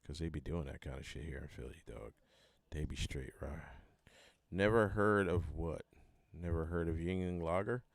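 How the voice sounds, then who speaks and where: Deep-voiced Philly man, rambling chat. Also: moderate pace, creaky, dry recording. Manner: rambling, profane, joking. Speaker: band member hosting a live hangout. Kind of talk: casual livestream chat.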